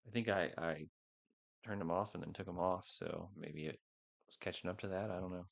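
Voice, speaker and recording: Low gravelly man chatting on a stream. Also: brisk. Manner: rambling, unsure, talks to viewers. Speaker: livestream host. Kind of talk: casual livestream chat. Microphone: headset microphone.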